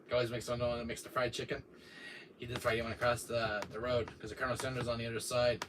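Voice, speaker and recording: A man's voice: mid-range voice, little pitch movement, very fast. A man hosting a casual livestream, rambling through jokes and game talk with frequent laughs and many fillers. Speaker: livestream host. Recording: distant mic with faint noise.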